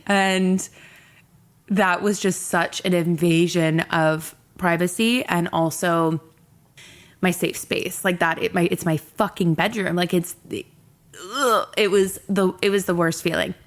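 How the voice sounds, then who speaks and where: Candid young woman with a gravelly low voice. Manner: candid, emotional, swears freely. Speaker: podcast host. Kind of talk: personal storytelling monologue.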